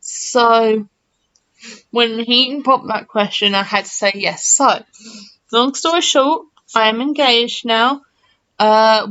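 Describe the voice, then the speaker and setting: Young woman, rambling storyteller, higher voice, lo-fi mic. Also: a bit bright. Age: early 20s. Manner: chatty, rambling, many fillers and restarts. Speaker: gaming channel host. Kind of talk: casual storytelling to camera. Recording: slightly muffled lo-fi mic.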